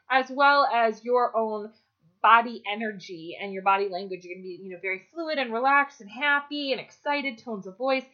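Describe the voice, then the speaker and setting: A fairly high-voiced woman talks through a dog-training lesson in a practical, chatty way, with fillers here and there. The recording sounds dull and lo-fi. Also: a bit bright. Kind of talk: instructional talk.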